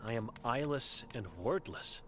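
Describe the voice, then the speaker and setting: A man's voice: mid-range voice, a little slow, fairly bright tone, a little hiss or hum, lightly acted. A man reading the chalkboard words of an old blind, mute woman in a game, in terse, broken phrases. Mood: grim.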